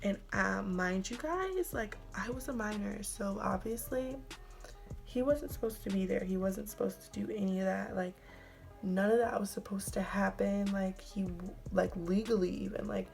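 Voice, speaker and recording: A woman's voice: medium pitch, normal speed, vocal fry, a little mellow, faint music behind. A young adult woman telling a casual storytime vlog, chatty and full of fillers, sometimes dropping into a whisper. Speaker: vlogger.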